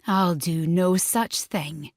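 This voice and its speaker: A woman voicing a stern Scottish clan war chief, speaking gruffly and stiffly in a Scottish accent. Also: mid-range voice, animated, a little slow, no room sound, studio quality, voice pushed up, natural voice.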